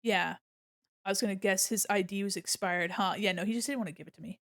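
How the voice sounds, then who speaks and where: A fast-talking woman with a medium-pitched voice streams casually for her viewers, cursing often as she tells stories and animatedly acts out quotes. Her audio is clean studio sound with no echo.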